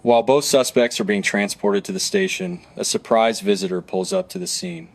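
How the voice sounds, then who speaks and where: A man giving scripted true crime narration in a matter-of-fact, even delivery. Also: medium pitch, moderate pace, vocal fry.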